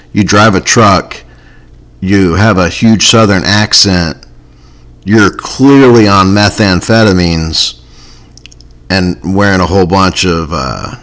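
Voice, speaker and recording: A man's voice: sits low, fairly bright tone. A man hosting a comedy podcast, rambling in a wry, self-mocking way. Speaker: podcast host. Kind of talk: casual comedy podcast chat.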